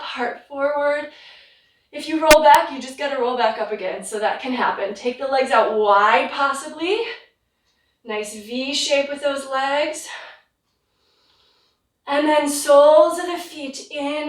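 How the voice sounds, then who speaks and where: A woman leading a guided yoga class from home, giving relaxed, encouraging cues while slightly out of breath. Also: high voice. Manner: relaxed, encouraging cues with light self-deprecation. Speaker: yoga instructor. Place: home practice room. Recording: roomy sound from a distant mic.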